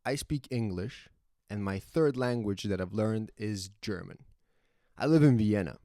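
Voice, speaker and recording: A young man from Serbia with a Serbian accent, telling a story casually, animated and swearing freely. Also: lowish voice, a little slow, no echo, clean studio sound. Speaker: vlogger.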